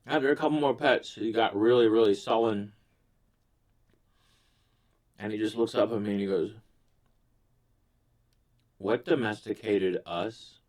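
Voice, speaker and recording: A man's voice: lowish voice, fairly even intonation, moderate pace, long pauses, darkish tone. A man in his forties telling a rambling story between bites as a food vlogger, swearing freely. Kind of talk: casual storytelling while eating.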